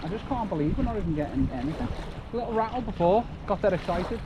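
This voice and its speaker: A fast-talking fishing vlogger chats to camera on a windy riverbank, grumbling and mocking himself with few pauses. His voice is high-pitched with lively intonation, and loud wind noise carries over the mic.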